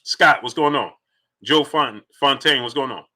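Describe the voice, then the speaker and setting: A boxing livestream host, a man of medium pitch with a sharp tone, speaks at normal speed while greeting chatters by name and rattling off rhetorical questions.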